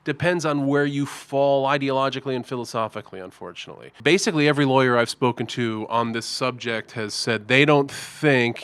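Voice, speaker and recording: A man's voice: mid-range voice, fairly bright tone, clean tone, dry recording. Chatty wry male guitarist vlogger. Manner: chatty and wry, with self-mocking asides. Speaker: guitarist reacting to songs, channel host. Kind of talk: casual reaction-video commentary.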